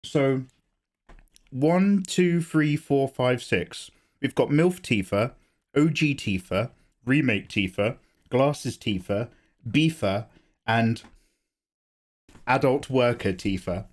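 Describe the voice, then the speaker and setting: A man's voice: medium pitch, animated, slow, long pauses. Chatty man greeting his stream. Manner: chatty, joking, greets chat by name. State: slightly hoarse from a cough. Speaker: art streamer. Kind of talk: casual live-stream chat.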